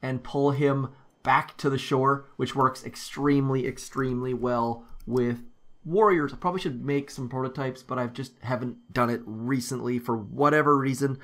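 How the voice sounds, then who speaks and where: A man's voice: mid-range voice, fairly even intonation, moderate pace, fairly bright tone. A man giving casual commentary over his strategy game, thinking aloud with frequent ums as he walks through his base. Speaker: gaming YouTuber.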